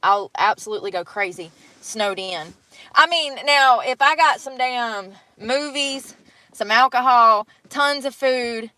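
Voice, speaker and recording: A woman's voice: mid-range voice, bright, forceful tone, no room sound, poor audio. A young woman chatting casually to viewers on a live stream from outdoors in the snow, swearing freely as she talks. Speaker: livestreamer.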